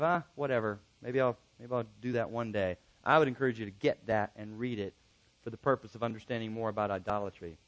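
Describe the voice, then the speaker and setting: A middle-aged man preaching from the pulpit, earnest and emphatic as he drives his points home. His voice sits a little higher than most men's, and he slips into acted-out exchanges to make a point. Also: poor audio. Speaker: pastor. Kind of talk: sermon.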